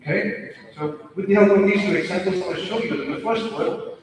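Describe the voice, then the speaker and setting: A man's voice: high voice, moderate pace, a crowd in the background. Man, echoey hall. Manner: explanatory, quizzing the audience with rhetorical questions. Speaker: pronunciation coach. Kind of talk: stage talk. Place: large auditorium stage. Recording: echoey hall, mic at a distance.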